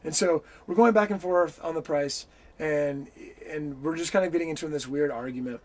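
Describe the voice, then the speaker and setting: Guy telling a wild story in an interview, a bit high pitched, cussing a lot, doing little voices. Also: normal speed. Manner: animated, swears freely, acts out the voices in his story. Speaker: interview guest. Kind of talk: casual storytelling.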